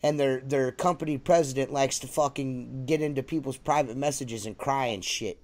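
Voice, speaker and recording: A man's voice: medium pitch, moderate pace, darkish tone. A man hosts a loose podcast, bantering and ranting with brash, profane energy. His delivery is cocky and unfiltered. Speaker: podcast host.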